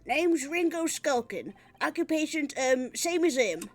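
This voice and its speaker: A woman's voice: high voice, animated, unhurried, voice pushed up. A woman doing a chirpy cockney sidekick. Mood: eager. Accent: put-on cockney. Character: eager younger male cockney thief sidekick.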